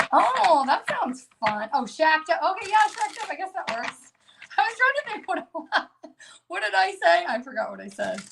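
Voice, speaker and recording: Female tarot reader on a live stream; casual, giggly delivery, slightly high voice, faint background noise. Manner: casual, laughs a lot, talks to herself.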